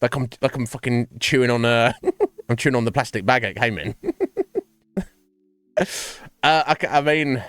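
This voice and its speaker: A man's voice: medium pitch, moderate pace, long pauses, a bit bright, no room sound. A man chatting casually with his stream viewers, rambling, swearing and laughing often.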